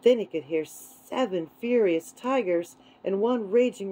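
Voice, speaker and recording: A woman reading a children's book aloud in a gentle, unhurried way. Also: mid-range voice, poor audio. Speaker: storyteller.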